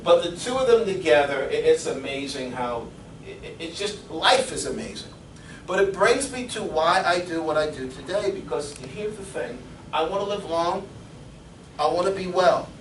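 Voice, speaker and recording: Animated middle-aged man in an echoey room. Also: fairly high pitch, normal speed, distant mic, a little hiss or hum. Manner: animated storyteller, chuckles often. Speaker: fitness coach giving a seminar. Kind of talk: seminar talk with personal stories. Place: seminar room.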